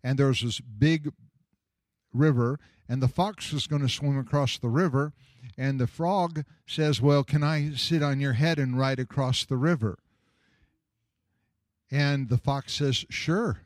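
A man's voice: mid-range voice, unhurried, no echo, studio quality. A man preaching a sermon, telling stories and acting out the voices in them with a chuckle. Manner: storytelling, acts out quoted voices, chuckles at own jokes.

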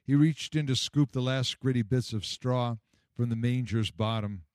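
A man narrating a Christmas story in a measured, expressive storybook reading. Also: mid-range voice, smooth, dry recording, clean studio sound.

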